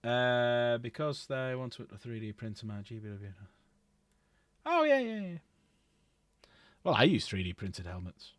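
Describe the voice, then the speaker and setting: A man's voice: mid-range voice, fairly even intonation, normal speed, hardly any pauses, no room sound. A middle-aged man rambling casually while he paints models on a livestream, swearing freely.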